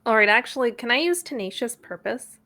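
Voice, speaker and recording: A woman's voice: on the high side, expressive, fairly quick, bright, forceful tone. A woman player in a tabletop game, casually asking questions about rules. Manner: casual, asks rule questions.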